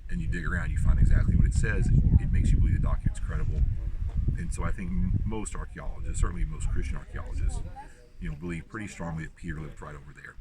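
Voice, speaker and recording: A man's voice: low voice, lively intonation, fast, very noisy. A man from the United States teaching the Bible on site at outdoor ruins, talking loosely with many fillers and restarts. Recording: distant mic with clear outdoor ambience.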